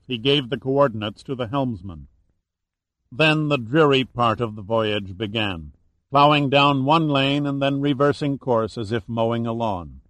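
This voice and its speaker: Telling an audiobook story, a man narrates at a steady, even pace. His pitch sits in the middle, and the recording has no room sound.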